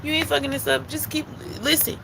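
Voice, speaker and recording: A woman's voice: high voice, level tone, brisk, creaky, background noise. A woman giving a spiritual tarot reading, emphatic and repetitive, who calls the listener baby and swears casually. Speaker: intuitive card reader.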